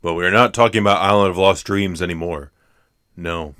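A man's voice: sits low, normal speed, fairly bright tone, no room sound. A young man co-hosting a movie podcast, making dry, wry remarks in casual chat. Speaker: podcast co-host.

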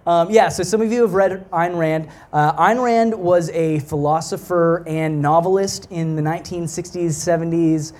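A young man and guest preacher giving a sermon in a casual, conversational way, with many fillers and restarts, turning soft and low when he prays. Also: moderate pace, few pauses. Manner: drops soft and low in prayer. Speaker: pastoral apprentice, guest preacher.

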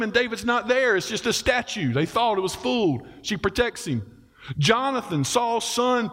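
A man's voice: sits high, fairly bright tone. A man preaching in a casual, folksy way, acting out the voices of the story's characters. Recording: long hall reverb.

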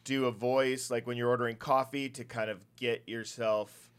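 A man hosting an interview, asking rambling, halting questions filled with fillers. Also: medium pitch, flat delivery, a little hiss or hum. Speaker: podcast host.

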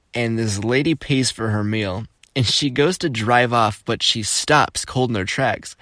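A man's voice: on the low side, dry recording. Young guy from florida on his podcast, jokey and worked up, dry close mic. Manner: animated, exclamatory, jokey. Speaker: podcast host. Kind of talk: casual storytelling.

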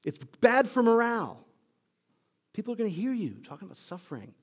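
A man's voice: very high voice, sing-song, moderate pace, slightly rough, voice pushed up, exaggerated voice. A man voicing an exasperated male disciple who argues with his teacher in casual modern slang. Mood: scolding. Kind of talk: acted quote within a sermon.

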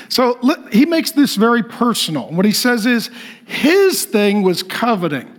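A pastor delivering a humorous sermon, telling stories in an animated way and often laughing as he talks. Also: extremely high pitch, measured pace.

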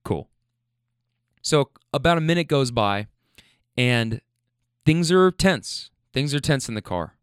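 A man's voice: medium pitch, animated, takes it slowly, pauses often, smooth, dry recording, clean studio sound. Blunt, profane man telling a story. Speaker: rideshare driver. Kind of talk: casual storytelling.

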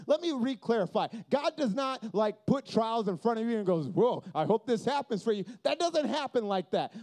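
A young man speaking from a stage to a live audience, telling a story in an animated sermon and acting out the voices in it, swinging from loud to hushed. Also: very high-pitched. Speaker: youth camp speaker.

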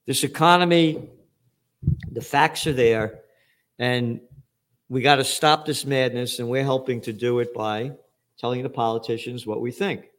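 Picture a man hosting his own show, ranting about the news in a voice that is neither high nor low. He is angry and profane, and every so often he breaks into shouting. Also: fairly even intonation, a little slow. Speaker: show host. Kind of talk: ranting commentary.

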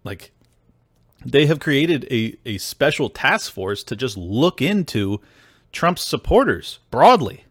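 Animated, ranting male podcast host. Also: medium pitch, takes it slowly, breathy edge, no echo, clean studio sound. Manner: heated, sarcastic, profane. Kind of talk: ranting political commentary.

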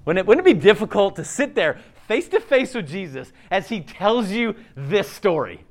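Male pastor, sermon, lively pitch, slightly high voice, casual restarts. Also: moderate pace. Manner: conversational, animated preaching with many restarts.

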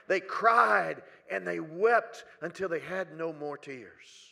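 A man preaching a sermon, his voice sitting high and ringing bright. He sinks into near-whispers, then climbs to loud pleading cries, stretching key words slowly. He speaks to a live congregation in a church hall. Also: vocal fry. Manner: slow, drawn-out phrasing.

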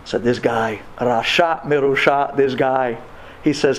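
A man's voice: on the high side, lively intonation, moderate pace, a little hiss or hum. A man telling a personal story to an audience, impassioned, with stammering restarts and religious Hebrew and Yiddish terms. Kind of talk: emotional personal storytelling talk. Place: before a live audience.

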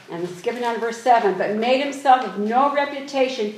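A woman preaching a sermon, reading scripture aloud slowly and exhorting her congregation earnestly. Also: on the high side. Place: church. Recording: echoey room with faint noise.

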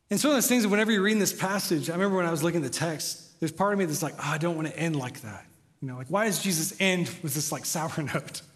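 Guy preaching, slightly high voice, casual but swings loud to soft, long church reverb. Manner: conversational, swings between loud emphasis and soft quiet lines. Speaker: pastor. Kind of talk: sermon. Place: large church sanctuary. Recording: reverberant hall.

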